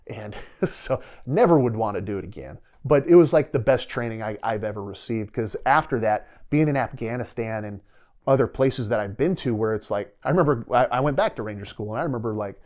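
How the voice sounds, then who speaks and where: This retired soldier, middle-aged and appearing as a podcast guest, talks briskly in a medium-pitched, somewhat mellow voice. His anecdotes wander but stay vivid, peppered with quoted inner dialogue, in a relaxed interview setting.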